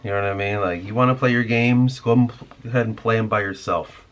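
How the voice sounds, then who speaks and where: A man's voice: fairly low pitch, steady tone, fast, muffled recording. A man hosting a podcast, delivering a rambling, irritated, profane rant in casual talk. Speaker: podcast host.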